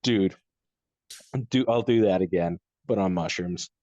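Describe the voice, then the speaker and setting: A man's voice: deep voice, measured pace, warm tone, dull audio. A young Canadian man with a Canadian accent, co-hosting a podcast and telling stories in a laid-back way, dropping "dude" often. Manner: laid-back storytelling, lots of "dude" and laughter. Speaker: podcast co-host. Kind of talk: casual chat.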